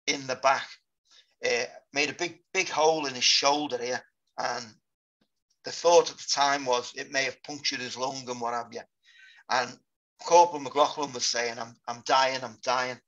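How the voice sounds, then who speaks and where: British guy in his 50s telling a war story slow and sober, sharp bright voice, kinda dull lo-fi audio. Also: mid-range voice, fairly even intonation. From Britain. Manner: sober, halting recollection. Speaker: guest, war veteran. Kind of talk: interview storytelling.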